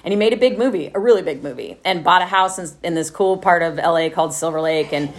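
Wry, candid woman, lowish voice. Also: fast. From Texas. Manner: candid, wry, laughs through dark memories, many fillers like "like". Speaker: storyteller. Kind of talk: personal storytelling to a live audience.

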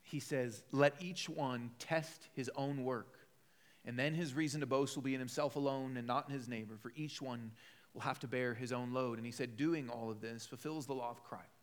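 A man's voice: mid-range voice, steady tone, moderate pace. A man preaching a sermon in a conversational, storytelling way, acting out quoted voices. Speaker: pastor.

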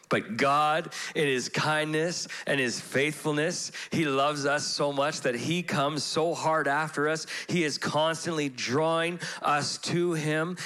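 A pastor preaching a sermon in church, animated, acting out voices in his stories. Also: fairly high pitch.

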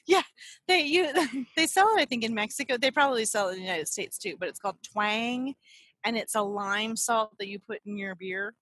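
Bright, giggly woman podcast co-host. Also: on the high side, fairly quick, no echo. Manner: giggly, teasing. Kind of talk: casual chat.

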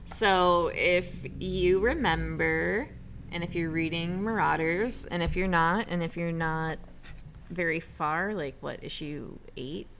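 A woman's voice: fairly low pitch, takes it slowly, slight background noise. A woman co-hosting a podcast, casually recapping comics and laughing easily. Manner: relaxed, laughs often, recaps plot. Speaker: podcast co-host. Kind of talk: casual chat about comics.

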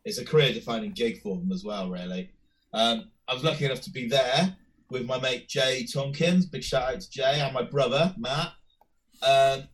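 A man with a croaky voice from a cold, chatting at length on a podcast with many restarts. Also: medium pitch, poor audio. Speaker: podcast co-host. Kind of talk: casual podcast chat.

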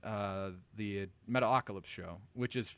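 Podcast co-host, male, animated and crude, dry mic. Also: on the low side, normal speed, smooth, no room sound. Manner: animated, laughing, loud bursts. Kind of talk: casual crude banter.

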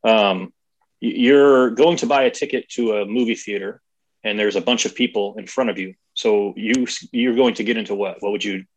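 A man chatting on a podcast, animated and swearing freely. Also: lowish voice, moderate pace, dull audio. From California. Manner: animated, swears freely, mimics voices for effect. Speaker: guest podcaster. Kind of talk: casual podcast chat.

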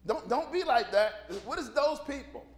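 A man's voice: extremely high pitch, lively intonation, moderate pace. A man preaching a sermon, retelling Bible stories in casual slang and acting out the people in them. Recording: long reverb from a hall.

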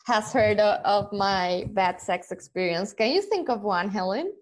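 A woman's voice: medium pitch, expressive, moderate pace. A woman guest in a casual group chat, speaking hesitantly but bluntly.

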